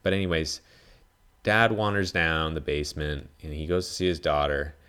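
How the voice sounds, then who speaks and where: A man with a deep, low voice talks through a film in a loose, rambling monologue. He leans on "like" constantly and swears freely as he goes. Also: steady tone, moderate pace, pushed and bright, smooth. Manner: rambling, heavy use of "like", frequent swearing. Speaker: podcast host. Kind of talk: casual film review monologue.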